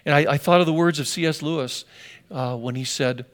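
A man's voice: fairly high pitch, fairly quick, fairly bright tone. An older man preaching a sermon, telling stories with folksy asides and hammering points home with emphatic repetition. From US Northwest. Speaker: pastor.

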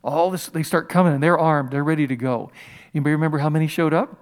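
A male pastor delivers a lively, conversational sermon, throwing questions out to his listeners as he retells a Bible story. His voice sits high for a man. He talks in an animated way. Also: quick pace.

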